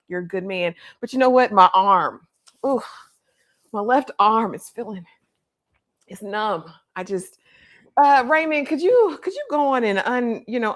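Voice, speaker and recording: A woman voicing a proud, gentle knight prince who is dying and speaks slowly as his strength fades. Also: mid-range voice, natural voice. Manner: slow, fading speech.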